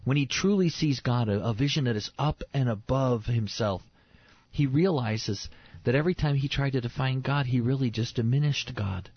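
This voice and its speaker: Husky guy preaching, punchy repeated lines, dry dull lo-fi sound. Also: mid-range voice, moderate pace, no room sound. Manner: emphatic, repeats key phrases for stress. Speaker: preacher on a faith show. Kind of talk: sermon-style Bible teaching.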